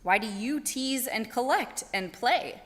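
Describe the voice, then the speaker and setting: A woman voicing a calm, wise female owl, speaking slowly and drawing out her questions. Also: on the high side, in a large hall. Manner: slow, calm and drawn-out.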